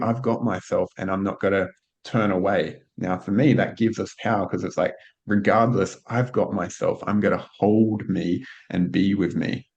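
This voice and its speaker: A man with a very deep voice hosts a podcast, calm and reflective, thinking aloud as he goes. The recording sounds dull and lo-fi. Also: creaky. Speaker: podcast host. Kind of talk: casual conversational interview.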